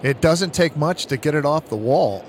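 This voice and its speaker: A man's voice: fairly high pitch, animated, moderate pace, a little hiss or hum. A man who used to play, now the color analyst on a baseball radio broadcast, conversational and full of anecdotes. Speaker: color analyst, former player.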